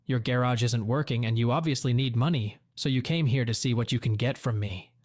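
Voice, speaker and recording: A man's voice: medium pitch, fairly quick, a little mellow, no room sound, close to an everyday voice. A man voicing a bitter middle-aged woman who is cold and defensive, asking curt, cutting questions in a dry, close read. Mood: cold, sharp.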